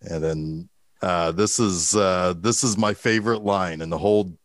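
A man's voice: deep voice, normal speed, no echo, clean studio sound. A man co-hosting a casual movie talk, retelling scenes with energy, quoting lines in voices and laughing. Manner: swears casually. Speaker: podcast co-host.

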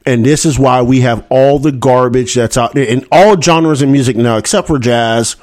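A man's voice: medium pitch, moderate pace, darkish tone. A middle-aged man co-hosting a casual talk show, rambling with many restarts and mock voices. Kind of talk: casual chat.

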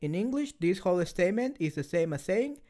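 A male language teacher giving a measured, scripted lesson explanation. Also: sits high, very animated, dark tone.

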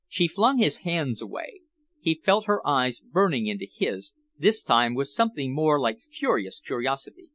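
A man narrating a novel as an audiobook, reading in an expressive, measured way. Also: medium pitch, no echo.

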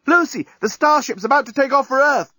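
Eager young journalist in a storybook reading, voiced by the narrator, dry sound. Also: male voice, high voice, lively intonation, fast talker, dry recording, voice pushed up. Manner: shouting, eager.

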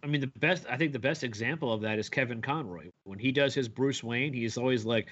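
A man co-hosting a casual podcast chat, opinionated and profane, telling stories with animated asides. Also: mid-range voice, a little fast, hardly any pauses, lo-fi sound, slight background noise. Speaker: podcast co-host.

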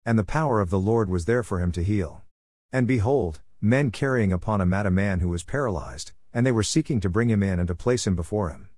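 A man reading scripture aloud in a steady, measured way, phrase by phrase. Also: on the low side, dry recording. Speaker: scripture reader.

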